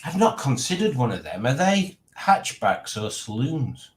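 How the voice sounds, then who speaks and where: A man's voice: medium pitch, very animated, a little slow. A man hosting a live stream, chatting casually, rambling and joking as he reads out viewer comments. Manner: rambling, jokey, reads chat aloud.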